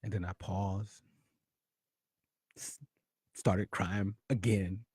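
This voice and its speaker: A man's voice: deep voice, little pitch movement, very slow, slightly rough, no room sound, studio quality. Man telling a heartfelt personal story. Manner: emotional, dramatic shifts between loud and hushed. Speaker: podcast host.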